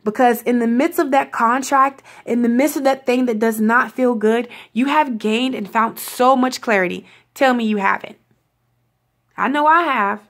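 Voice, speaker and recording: Young woman, spiritual vlogger, casual and gushing, slightly higher voice. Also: fairly bright tone. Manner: effusive, swears casually, laughs often. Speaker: spiritual reading channel host.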